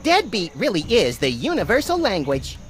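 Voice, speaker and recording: A woman's voice: medium pitch, huge pitch swings, moderate pace. A woman voicing a manic, gleefully violent little rabbit-like sidekick in a video game, wisecracking hyperactively.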